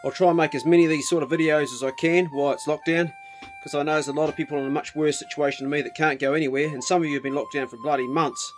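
A man's voice: fairly high pitch, steady tone, fast talker, slight background noise. A man, talking in a casual vlog on a rural farm, coaxing and commanding his dogs and ducks. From New Zealand. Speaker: vlogger.

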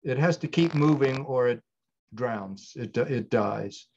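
A man's voice: medium pitch, animated, slow pace, a little mellow, highs cut off, slight background noise. An older man, a writer-director, answering interview questions in a thoughtful, digressive way with frequent restarts.

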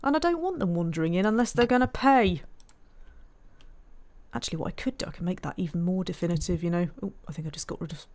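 A woman's voice: fairly low pitch, lively intonation, quick pace, darkish tone. Woman muttering through a game. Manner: chatty, talks to herself, mutters frustrated asides. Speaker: game streamer. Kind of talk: casual let's-play commentary.

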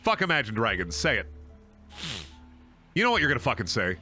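A man's voice: mid-range voice, wildly swooping pitch, fairly quick, pauses often, pushed and bright, soft background music. A man streaming a video game, joking crudely and talking to his chat. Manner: joking, crude, talks to chat, bursts into silly voices. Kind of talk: casual gameplay commentary.

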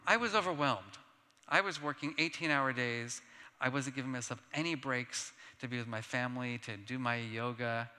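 A man giving a conference plenary talk, telling personal stories in an animated, self-deprecating way with laughs. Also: mid-range voice. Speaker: keynote speaker. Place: large conference hall. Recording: long reverb of a large hall.

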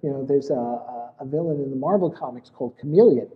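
A man is a guest in a relaxed interview. He wanders through his points, restarting his sentences and filling the gaps with "you know". The sound is muffled and dull, with a long echo trailing off the room. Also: mid-range voice, fast talker. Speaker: guest, essay author and podcaster. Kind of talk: casual interview chat.

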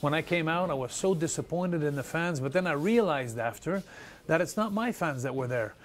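A retired pro wrestler from Canada tells stories in a fairly high voice. He jumps into the voices of the people he quotes and tells his tales with growing excitement. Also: fairly quick. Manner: excited, laughing storyteller who acts out quotes. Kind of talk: animated storytelling interview.

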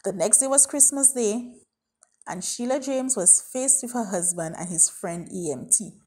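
Husky woman reading a story. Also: on the high side, a little slow, mellow. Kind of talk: reading a children's story aloud.

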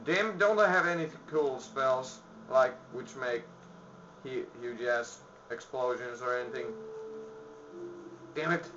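Panicky male gamer, slow and bright. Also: a little hiss or hum. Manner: panicky, yelling at enemies then muttering low. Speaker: let's play gamer. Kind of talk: game commentary. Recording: dull lo-fi with faint music.

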